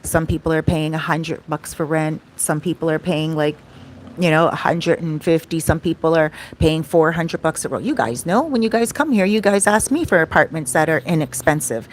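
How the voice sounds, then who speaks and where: Chatty woman vlogger, lowish voice. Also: normal speed, slight background noise. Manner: chatty, often asks "right?" and says "like". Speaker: vlogger telling a story. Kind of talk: casual storytime chat.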